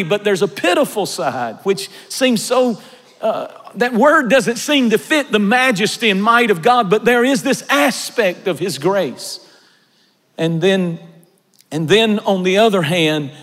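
A man with a high voice preaches a slow, deliberate sermon that swings from a hush to a shout. His words ring out with a long reverb in a large church sanctuary. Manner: dramatic swings from soft hush to shouted emphasis.

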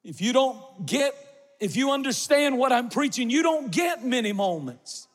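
A man preaching an impassioned sermon, swinging from quiet stretches to shouted emphasis. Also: extremely high pitch, expressive, moderate pace. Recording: long reverb of a large hall.

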